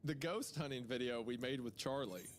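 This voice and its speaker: A man's voice: medium pitch, moderate pace, faint music behind. A man hosting a casual comedic chat, laughing often and steering the conversation. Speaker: streamer host.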